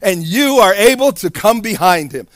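A man's voice: high voice, expressive, normal speed, dry recording. A man preaching a sermon in a sing-song cadence, acting out the voices in the story he tells.

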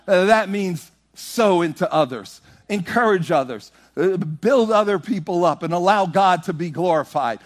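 A man preaching a sermon, animated and rhythmic, moving from loud, half-sung exclamations to hushed storytelling. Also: sits high, moderate pace, hardly any pauses.

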